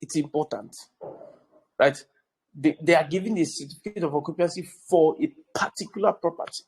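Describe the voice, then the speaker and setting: A man's voice: on the high side, a little fast, darkish tone, breathy edge, dry recording, poor audio. A man teaching real estate in an online class over a video call, repeating key points and checking in with his students. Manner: keeps checking in with the audience, emphatic repetition.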